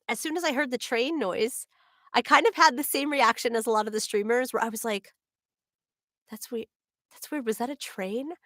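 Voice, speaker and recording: A woman's voice: on the high side, a bit bright, no room sound, studio quality. A voice actress with a New Jersey accent chatting casually with viewers on her livestream, bubbly and full of laughs and "like"s. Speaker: voice actor hosting a signing stream.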